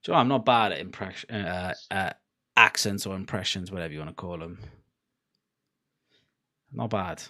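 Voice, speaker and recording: A man's voice: sits low, normal speed, long pauses, sharp tone. A young man with a Cardiff Welsh accent, rambling and swearing freely as he chats casually to his livestream viewers. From Wales. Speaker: livestream host.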